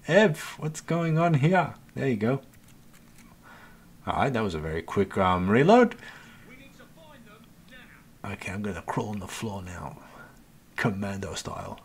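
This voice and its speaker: A man with a husky, fairly low voice hosts a gaming channel. He plays live and keeps up an exasperated running commentary full of swearing, talking both to himself and to his viewers.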